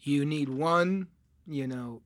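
A man in his thirties, a podcast guest, telling a lively anecdote in casual chat and acting out the dialogue as he goes. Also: a little high, takes it slowly, dry recording. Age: 30s. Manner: acts out dialogue, laughs through his story. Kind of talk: animated storytelling in casual chat.

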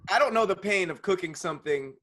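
A man's voice: high voice, expressive, fast, bright, forceful tone. A man in a casual video-call chat, joking and teasing.

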